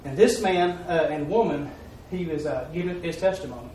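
A man's voice: fairly high pitch, expressive, brisk, darkish tone. A man preaching, telling a mission story in a folksy, repetitive way with emphatic peaks. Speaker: preacher giving a mission report. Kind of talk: sermon storytelling. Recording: echoey hall, far-off mic, faint noise.

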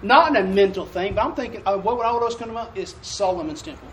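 Here a high-pitched man moves at a quick clip through a folksy call-and-response sermon. The church sanctuary sounds echoey from the distant mic, and there's slight background noise.

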